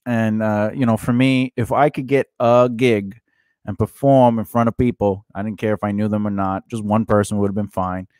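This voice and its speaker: A man co-hosts a podcast in loose comedic chat, rambling with plenty of fillers and restarts. His voice sits fairly low. The sound is dry and close. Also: fairly even intonation, normal speed, darkish tone, smooth, no room sound. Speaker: podcast co-host.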